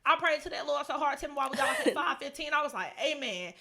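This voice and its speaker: A young woman co-hosting a podcast, telling a wild story in casual, profane chat with bursts of loud laughter. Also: high voice, steady tone, rapid-fire, vocal fry. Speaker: podcast co-host.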